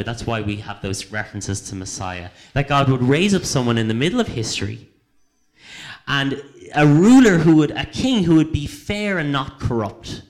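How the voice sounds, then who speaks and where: A man giving an informal sermon, conversational, with many fillers and restarts, quiet at times and emphatic at others. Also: medium pitch. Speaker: preacher.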